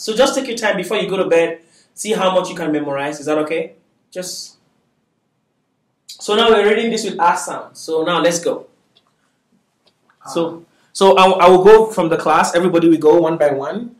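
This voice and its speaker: A man's voice: a little high, echoey room, far from the mic. A man teaching a beginners' Arabic class, patiently drilling syllables aloud and constantly checking that his students are following. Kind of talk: classroom lesson.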